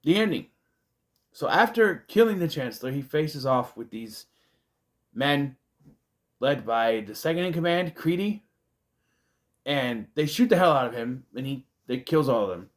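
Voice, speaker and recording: A man's voice: medium pitch, animated, unhurried, pauses often. A man, casually reviewing a movie in a rambling, chatty way, with self-deprecating asides. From United States.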